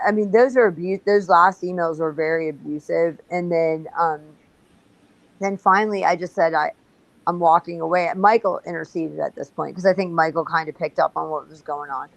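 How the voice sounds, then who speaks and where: Woman, gravelly voice, lowish pitch, blunt profane storytelling, casual livestream talk. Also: no room sound, poor audio. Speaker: guest.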